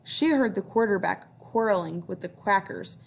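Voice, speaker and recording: A woman's voice: mid-range voice, expressive, moderate pace, creaky. A woman teacher reading a picture book aloud to young children, encouraging them to join in.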